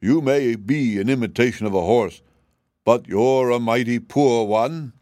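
A man's voice: mid-range voice, a little slow, darkish tone, no echo, clean studio sound, close to an everyday voice. A man voicing a proud, vain old male cab horse who talks down with lofty pity. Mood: boastful. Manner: boastful, pitying, lofty.

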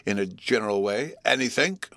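A man voicing a nervous, slow-witted male go-between with a stuffy head cold, talking hesitantly and humbly. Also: lowish voice, animated, fairly bright tone, no room sound. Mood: nervous humble.

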